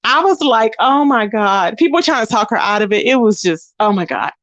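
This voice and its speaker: Animated woman chatting on a livestream. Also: a little fast, no echo. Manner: animated, acts out quoted voices in a higher pitch. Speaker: livestream host. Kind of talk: casual gossip chat with viewers.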